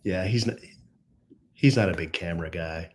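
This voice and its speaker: A man's voice: low-pitched, moderate pace. A middle-aged man co-hosting a podcast in casual, joking chat. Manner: lively, joking, talks with his son. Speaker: podcast co-host. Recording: echoey room with faint noise.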